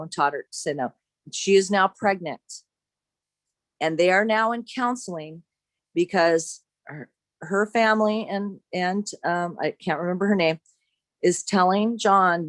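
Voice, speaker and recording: A woman telling a long personal story in casual chat, halting with many restarts as she retells what others said. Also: mid-range voice, dry recording. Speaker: caller sharing a story.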